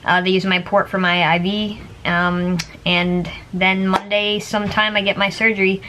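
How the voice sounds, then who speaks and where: A woman's voice: medium pitch, level tone, moderate pace, noisy background. Chatty, rambling woman vlogger. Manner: chatty and rambling, with frequent fillers and laughs. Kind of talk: casual chat to camera.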